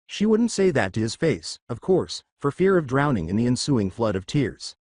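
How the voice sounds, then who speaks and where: A man narrating a fan fiction story in a steady storytelling manner. His pitch moves about animatedly, and the recording is dry and close, with no room sound. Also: normal speed, dry recording.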